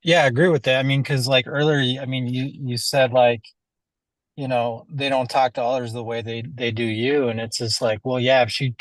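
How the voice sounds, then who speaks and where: A man's voice: medium pitch, fairly even intonation, a little fast, no echo. A man being coached in a casual chat, hesitant, often restarting his sentences. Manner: hesitant, many fillers and restarts.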